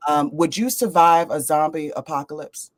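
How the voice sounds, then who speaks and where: A woman hosts a relaxed interview, her voice sitting low. She talks in an upbeat, playful way and leans hard on key words. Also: normal speed. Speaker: podcast host. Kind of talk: casual interview.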